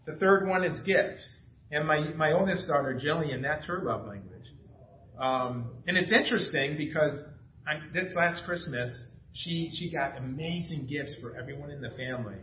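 A man's voice: on the high side, moderate pace, slight background noise. Enthusiastic male pastor in echoey church. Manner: casual and enthusiastic, storytelling with laughs. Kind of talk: sermon. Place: church sanctuary. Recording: echoey dull church recording.

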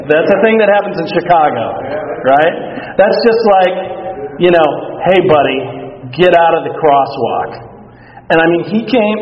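A man's voice: on the high side, a little hiss or hum. A middle-aged man preaching a sermon, telling candid, self-mocking stories about his own temper. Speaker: pastor. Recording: echoey hall from far off, dull.

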